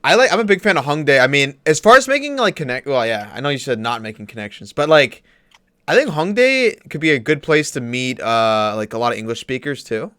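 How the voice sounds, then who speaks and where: A man with a lively, swinging voice chats as a podcast co-host in a dry, dead-sounding space. He readily agrees and laughs along with his partner. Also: mid-range voice, fairly quick, clear, resonant tone, dry recording. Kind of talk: casual chat.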